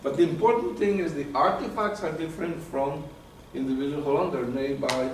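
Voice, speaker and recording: A man lectures to a small audience, his voice somewhat high for a man and lively, with frequent restarts as he hunts for the right word. He is picked up from a distance, so the sound is very echoey and carries faint room hiss. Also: a little fast. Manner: animated, repeats words while searching for terms. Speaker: presenter. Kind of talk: live lecture with audience questions.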